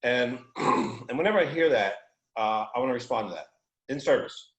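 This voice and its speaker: An American man telling a story in a loose, animated way, with casual slang and swearing. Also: medium pitch, moderate pace, roomy sound, low-quality recording. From United States. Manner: animated, informal, profane. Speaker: guest.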